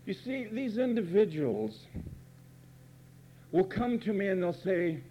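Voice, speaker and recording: Fiery, sarcastic high-voiced male preacher. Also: very animated, slow, pauses often, warm tone, a little hiss or hum. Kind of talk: sermon. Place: church pulpit.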